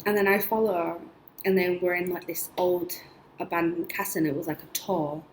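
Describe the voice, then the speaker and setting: A woman's voice: lowish voice, steady tone, fairly quick. A young woman vlogging, telling her dreams in a rambling, chatty way full of "like" and little laughs. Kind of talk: casual storytelling. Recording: echoey room with faint noise.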